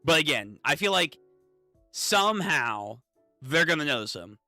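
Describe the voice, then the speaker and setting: A man hosting a casual reaction read-through of manga, excitable and swearing, reading lines aloud. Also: a little high, measured pace, no room sound, soft background music. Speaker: channel host reading manga.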